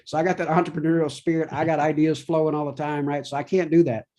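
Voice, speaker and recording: A man's voice: a little high, level tone, fast talker, warm tone. A middle-aged man speaking openly as a podcast guest, rambling and often asking "you know what I mean". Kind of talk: candid conversational interview.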